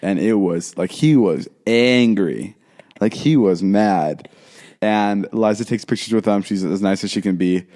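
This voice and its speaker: A young man with a mellow voice and measured pace tells a story while co-hosting a laid-back podcast. He does quotes in a higher-pitched voice, and his talk is peppered with fillers and restarts.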